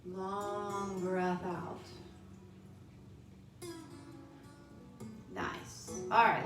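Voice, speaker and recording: A woman guides a chair yoga class in a slow, soothing voice, leaving long pauses between her cues. She sounds a little far from the mic in an echoey room, with music playing behind her. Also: on the high side. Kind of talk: guided movement and breathing class. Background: soft background music.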